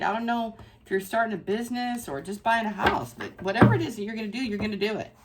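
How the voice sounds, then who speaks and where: A woman's voice: medium pitch, animated, fast, a little hiss or hum. A woman giving a casual spiritual tarot reading to her viewers, effusive and emphatic, repeating phrases for stress. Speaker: tarot reader.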